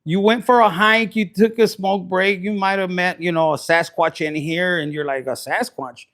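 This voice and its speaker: A man's voice: high voice, steady tone, moderate pace, a bit bright. Crude, joking man reading tarot. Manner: crude, joking, mixes in Spanish slang. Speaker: tarot reader.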